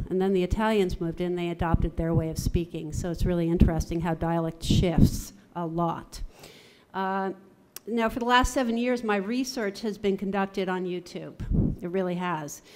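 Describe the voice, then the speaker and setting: A middle-aged woman, a theatre voice and dialect coach, giving a measured, articulate talk at a university conference. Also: on the low side, fairly even intonation, a little mellow. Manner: measured, articulate presenting with lists.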